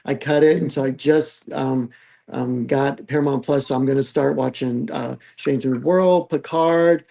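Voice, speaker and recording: A man in a casual podcast chat, talking in a relaxed, rambling, halting way. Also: medium pitch, vocal fry.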